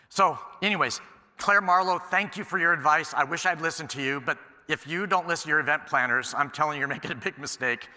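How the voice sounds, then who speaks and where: A man giving a conference keynote, telling stories in an animated way and acting out the dialogue. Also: on the high side, quick pace. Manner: animated storyteller, acts out quoted exchanges. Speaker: keynote speaker. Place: large conference hall. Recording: echoey hall sound.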